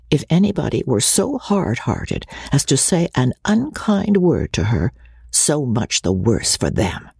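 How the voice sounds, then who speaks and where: A woman reading a classic novel aloud in an expressive, wry, theatrical manner. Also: mid-range voice, creaky, slightly rough, no room sound, studio quality. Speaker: audiobook reader. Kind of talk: scripted audiobook narration.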